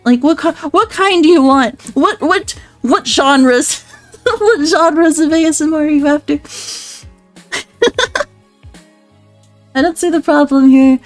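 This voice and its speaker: High-voiced giggly flustered woman streamer. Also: normal speed, no echo, faint music behind. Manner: giggly, flustered, swears often. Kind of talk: casual live-stream chat with viewers. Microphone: close streaming mic.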